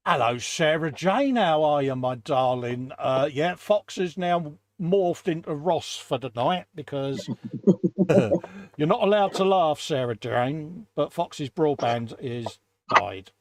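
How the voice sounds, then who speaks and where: A chatty British man hosts a relaxed live stream and greets the chat with a slightly higher voice than most men. His sound is close and dry, with no room around it. He keeps it matey and easygoing throughout. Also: takes it slowly, no echo. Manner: chatty, greets viewers, calls everyone mate. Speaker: host.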